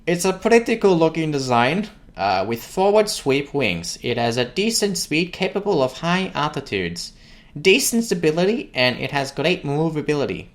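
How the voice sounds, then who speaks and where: A man's voice: on the high side, big pitch swings, normal speed, pitched above the performer's own voice. A man voicing a boastful male mad scientist inventor in an odd put-on accent, reading aloud theatrically.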